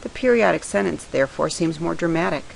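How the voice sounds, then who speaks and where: A woman reading a scripted writing lesson in a measured, explanatory way. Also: sits low, animated, vocal fry, slight background noise, poor audio. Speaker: writing teacher. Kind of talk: scripted lecture narration.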